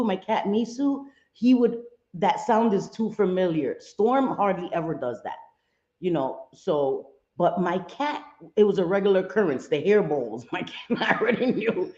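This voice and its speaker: In an echoey room with dull lo-fi sound, a woman hosts a casual livestream from her home, mixing Spanish exclamations into chat with viewers. Her voice is mid-range with a dark tone.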